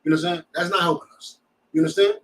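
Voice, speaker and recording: Man teaching scripture, blunt and preachy, slightly high voice, distant mic. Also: very animated, fast, vocal fry. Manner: blunt, preachy, rhetorical questions. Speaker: class teacher.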